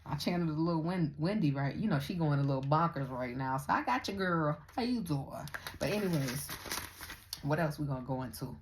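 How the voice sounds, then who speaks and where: A young woman with a slightly low voice rants to her viewers in casual vlog commentary. She talks bluntly and swears freely, with plenty of animated emphasis. A faint hum of room noise sits behind her. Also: fast, few pauses. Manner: blunt, profane, animated ranting. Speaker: vlogger commenting on other creators.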